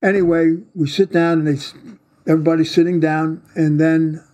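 A man's voice: on the high side, normal speed. A man telling a story of his undercover work in a casual interview, blunt and full of swearing. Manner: blunt, profane, animated storyteller. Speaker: retired undercover agent, guest.

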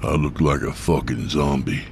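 A man voicing an exhausted, gruff bus driver who talks impatiently. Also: rumbling low, fairly even intonation, normal speed, a little mellow, slight background noise.

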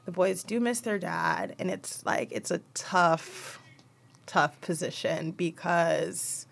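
A woman's voice: on the low side, slow pace, gravelly. A young woman co-hosting a podcast, talking candidly and emotionally about her children in casual chat, rambling a little as she goes. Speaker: podcast co-host.

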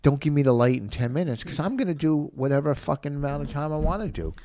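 A man's voice: a little high, quick pace, mellow. A middle-aged man comedian in casual chat, insistent and a little defensive, giving advice in a lecturing way.

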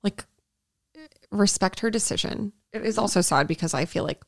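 A woman's voice: mid-range voice, moderate pace, no room sound, clean studio sound. A young woman co-hosting a podcast, gossiping in a casual chat and acting out quotes in mocking voices. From California. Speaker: podcast co-host.

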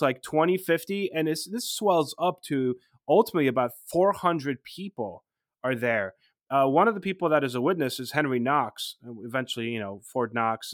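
A man's voice: medium pitch, a bit bright, dry recording, clean studio sound. A man co-hosting a podcast, retelling events in casual storytelling and checking in with "right?" as he goes. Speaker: podcast co-host.

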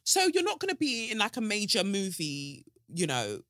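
A woman's voice: mid-range voice, wildly swooping pitch, normal speed, fairly bright tone, no room sound, studio quality, pitched above the performer's own voice. A woman voicing God as a teasing, blunt, cheeky figure who swears and talks brashly.

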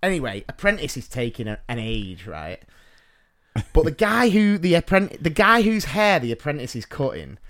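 A man spins a long comic anecdote on a podcast, his pitch rising and falling a lot as he acts out both sides. He is self-mocking and often laughs as he talks, with a voice pitched a little above most men's. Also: very animated, moderate pace, a bit bright. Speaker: podcast co-host. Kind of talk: casual storytelling chat.

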